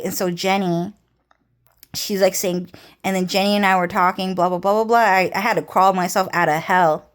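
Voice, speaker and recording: Rambling, foul-mouthed woman vlogger. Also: lowish voice. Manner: rambling, heavily profane, repetitive. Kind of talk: casual storytelling monologue.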